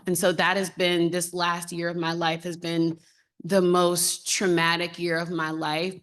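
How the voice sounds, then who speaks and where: A woman's voice: on the low side, a bit bright. A woman in her thirties speaking on a panel in an open, heartfelt, conversational way. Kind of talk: candid panel talk. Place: symposium panel.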